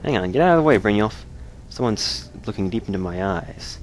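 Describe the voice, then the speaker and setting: Joking let's play man with a low voice. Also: expressive, fairly quick, a little hiss or hum. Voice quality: jokey, sarcastic, laughs often. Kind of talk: joking gameplay commentary.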